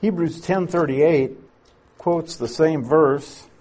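A man's voice: a little high, takes it slowly, darkish tone. A man teaching through scripture in an expository sermon, patient and explanatory, leaning on key words to drive his points home. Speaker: Bible teacher.

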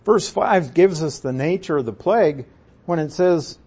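A man teaching a sermon on a Bible passage, deliberate and emphatic, putting questions to his listeners. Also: a little high, very animated, a little mellow, breathy edge.

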